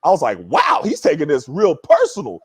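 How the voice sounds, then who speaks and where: A man tells a story in relaxed chat, his voice sitting high and leaping up and down as he gets into it. He slips into other people's voices to act out what they said and keeps checking in with "right?". The sound is dry and close, with no room around it. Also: a little fast, slightly rough, no echo. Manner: animated, acts out other people's words; many fillers like "you know" and "right?". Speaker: podcast guest, former pro basketball player. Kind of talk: casual storytelling.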